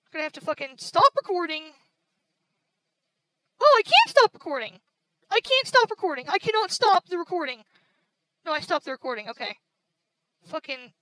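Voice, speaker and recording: A woman's voice: extremely high pitch, expressive, a little fast, fairly bright tone, no room sound, low-quality recording. A woman giving casual gameplay commentary, frustrated and swearing constantly. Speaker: gaming video creator.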